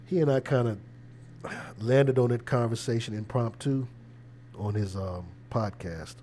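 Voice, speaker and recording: A male preacher hosting his own show and talking loosely to his viewers. He restarts phrases and repeats words, then slips into preachy asides. His voice sits at an everyday middle pitch for a man. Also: unhurried, warm tone, slight background noise. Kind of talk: casual livestream commentary.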